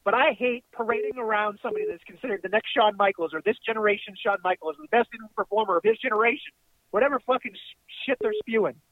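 High-voiced man ranting on a tinny phone line. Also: fast, dry recording. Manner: excitable, ranting, profane. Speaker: wrestling podcast co-host. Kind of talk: casual chat. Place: in his car.

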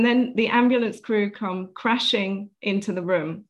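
A woman's voice: medium pitch, a little slow, hardly any pauses, lo-fi sound. A woman guest on an interview, telling a personal story earnestly and vividly, acting out what was said. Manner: earnest, vivid retelling with acted-out quotes.

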